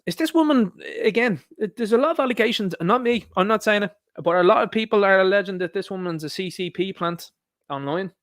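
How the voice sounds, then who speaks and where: A man rants through a solo political commentary, combative and quick to swear. His voice sits fairly high, and the sound is dry and close. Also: animated, a bit bright, no echo.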